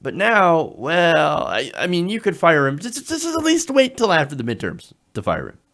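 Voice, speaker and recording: A man's voice: on the high side, huge pitch swings, moderate pace, fairly bright tone, exaggerated voice. A man putting on a mocking impression of a wheedling, scheming male senator.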